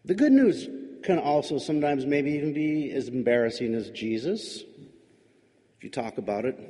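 A man's voice: mid-range voice, mellow. Musing male pastor in a reverberant hall. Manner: musing, questioning, wry asides. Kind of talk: reflective sermon.

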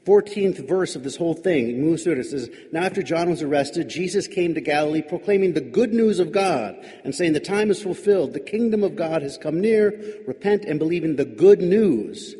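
A man's voice: fairly high pitch, animated, fairly quick, hardly any pauses, mellow. A male pastor giving a reflective sermon, musing aloud with wry, questioning asides. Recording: long hall reverb.

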